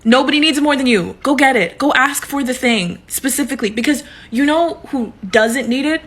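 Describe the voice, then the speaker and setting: A woman's voice: high voice, normal speed, a bit bright. A woman giving earnest, urging college advice straight to the viewer. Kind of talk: direct-to-camera advice.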